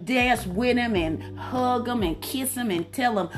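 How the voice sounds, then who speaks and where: A woman's voice: fairly high pitch, unhurried. Fervent woman minister preaching over music. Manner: fervent preaching with frequent hallelujahs. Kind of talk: sermon. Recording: faint music behind.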